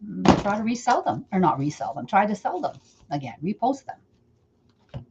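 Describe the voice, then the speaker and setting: A woman's voice: mid-range voice, big pitch swings, moderate pace, a little mellow, slight background noise. A middle-aged woman from Canada teaching wreath making in a casual live stream, chatting with viewers by name as she works. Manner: chatty, talks to viewers by name while working. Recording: slightly dull lo-fi sound.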